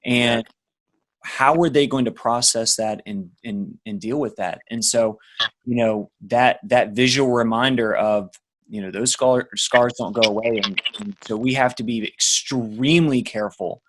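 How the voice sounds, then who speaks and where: A man's voice: medium pitch, fairly even intonation, a bit bright. A man and father talking thoughtfully on a podcast, hesitant and reflective. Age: adult parent. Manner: thoughtful, halting, many fillers and restarts. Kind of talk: casual podcast chat.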